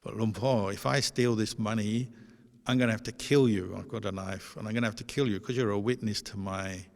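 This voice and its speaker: A man retelling a story gives voice to a poor, rattled thief who speaks insistently and in a flustered way. His low voice has a gravelly rasp, and the reverb of a large hall trails after it. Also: steady tone, brisk. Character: poor, knife-carrying male thief, rattled and pleading.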